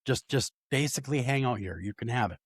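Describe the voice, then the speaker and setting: Male guest, casual storyteller, very expressive pitch, dry studio sound. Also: a little fast, husky, dry recording. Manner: animated, acts out voices in his story. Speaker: paranormal investigator guest.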